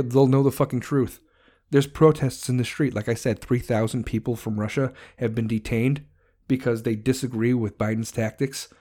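A man's voice: mid-range voice, warm tone. A man delivering a heated, profane political rant, hurling insults and swearing constantly.

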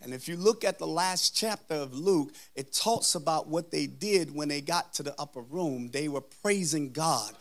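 A man preaching a sermon as a church elder, calling out to the congregation as he builds into chanted, shouted preaching. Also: fairly high pitch, normal speed, few pauses. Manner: calls out to the congregation.

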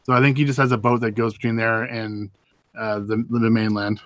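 A man's voice: on the low side, level tone, a little fast, a bit bright, no room sound. A man from British Columbia co-hosting a podcast, chatting casually and explaining at length with restarts. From British Columbia, Canada. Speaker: podcast co-host. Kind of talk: casual group chat.

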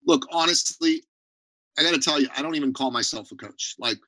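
A man as a podcast guest on a video call, talking in an emphatic, blunt way and telling animated stories. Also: fairly high pitch, a little fast, no room sound, low-quality recording. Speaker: podcast guest, business owner. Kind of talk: energetic interview talk.

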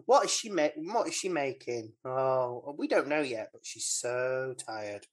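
A woman's voice: a bass voice, animated, measured pace. A woman talks through a film plot in a loose, rambling way, full of fillers and little laughs. She sounds like a casual podcast co-host chatting with a friend. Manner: chatty, rambling, giggly recap with many fillers. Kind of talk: casual chat.

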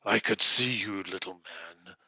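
A man's voice: low-pitched, unhurried, pushed and bright, exaggerated voice. A man doing a menacing robed shaman. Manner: menacing, hissing. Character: menacing robed male shaman, suspicious and hostile.

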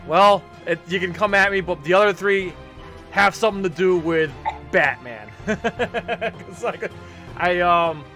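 A man chatting casually, halting and trailing off often as he talks. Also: high-pitched, sharp tone, faint music behind. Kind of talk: casual chat.

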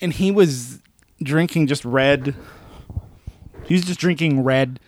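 A man co-hosting a casual chat among friends, excitable and joking as he tells stories. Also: a little high, slow pace. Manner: excitable, joking, slips into playful voices. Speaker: podcast co-host.

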